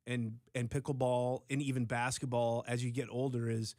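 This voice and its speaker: A man's voice: medium pitch, flat delivery, normal speed, darkish tone, dry recording, studio quality. Older man co-hosting a talk show. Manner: explains matter-of-factly, with hesitant restarts. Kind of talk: casual chat.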